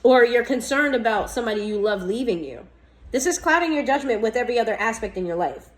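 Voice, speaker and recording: With a high-leaning, expressive voice, a woman talks fast while reading tarot to camera. She's casual, blunt, and chatty, scolding and laughing frequently. The recording is low quality.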